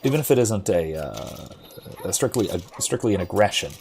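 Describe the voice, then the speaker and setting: Low-voiced man chatting while gaming. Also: very animated, fairly quick, darkish tone. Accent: general American. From Florida. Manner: thoughtful, rambling, many fillers and restarts. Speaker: streamer. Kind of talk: casual chat while gaming.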